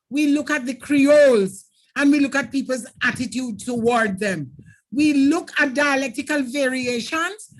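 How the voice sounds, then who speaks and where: Jamaican lady teacher, high voice, emphatic, keeps talking right to her students. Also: a bit bright. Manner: emphatic, instructive, addresses students directly. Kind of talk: exam preparation lesson.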